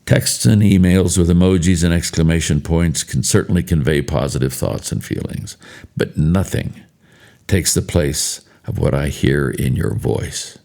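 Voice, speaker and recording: A man in later life giving a spoken devotional, telling stories in a measured, earnest way. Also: a bass voice, vocal fry, mellow. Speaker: devotional speaker.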